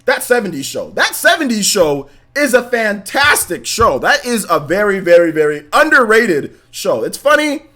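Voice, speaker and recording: A young man hosting a casual live stream, rambling loosely and rattling off quick shout-outs to viewers. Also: high-pitched, sing-song.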